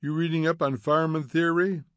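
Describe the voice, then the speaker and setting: A man's voice: fairly high pitch, steady tone, fairly quick, fairly bright tone, no echo, clean studio sound, pitched above the performer's own voice, natural voice. A man doing a prim gossipy lady. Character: prim, gossipy society woman.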